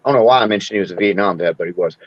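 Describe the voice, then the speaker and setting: A man's voice: deep voice, very fast, dry recording, lo-fi sound. A man in his sixties, hosting a casual chat and telling rambling stories with frequent laughs. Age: 60s. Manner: rambling storyteller, laughs often. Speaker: podcast host.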